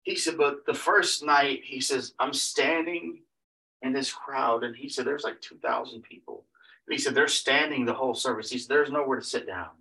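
A man's voice: medium pitch, steady tone, a little fast, vocal fry, bright, forceful tone. Man preacher retelling a story from afar. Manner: rambling, retelling with many repeated "he said" tags and restarts. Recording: voice picked up from a distance.

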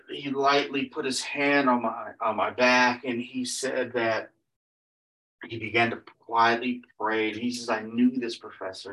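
A man preaching and retelling a story in a loose, meandering way, stacking "he said" on almost every line. His voice sits at an ordinary middle pitch for a man. The microphone is set back from him, so he sounds distant. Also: bright, forceful tone. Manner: rambling, retelling with many repeated "he said" tags and restarts. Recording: voice picked up from a distance.

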